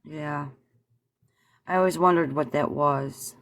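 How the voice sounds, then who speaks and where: A woman calling in to a livestream, telling a story in a casual, animated way and acting out the voices in it. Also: low voice, slow pace, gravelly. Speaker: caller.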